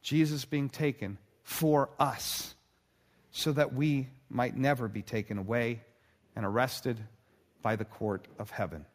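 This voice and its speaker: A man preaching a sermon in an earnest voice, slowing down and pausing for dramatic emphasis. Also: mid-range voice, fairly even intonation, big-room sound. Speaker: pastor.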